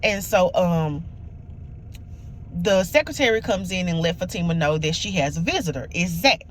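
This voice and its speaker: A woman's voice: lowish voice, lively intonation, moderate pace, slight background noise. A woman giving a casual recap of a TV episode, rambling with lots of restarts and acting out quotes from the characters. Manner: rambling, many restarts and fillers, acts out quotes. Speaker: TV show reviewer.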